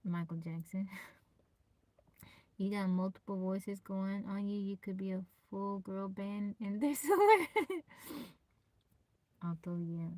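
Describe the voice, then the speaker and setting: Soft-voiced woman live streamer. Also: expressive, slow pace, pauses often, dry recording. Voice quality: naturally low, soft voice. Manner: greets viewers by name, laughs often; pushes to project her voice. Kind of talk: casual live-stream chat. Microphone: phone.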